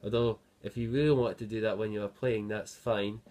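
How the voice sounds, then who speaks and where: A man's voice: on the low side, steady tone, fairly quick. A man giving a guitar lesson, patiently explaining and counting beats aloud as he plays. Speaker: guitar teacher. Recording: loud guitar playing over the voice.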